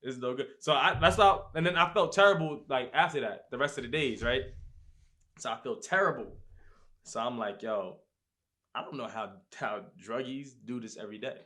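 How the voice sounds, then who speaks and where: A man with an ordinary mid-range voice hosts a casual podcast chat. He tells his stories in an animated way and acts out his own lines and reactions as he goes. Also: mid-range voice, normal speed. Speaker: podcast host.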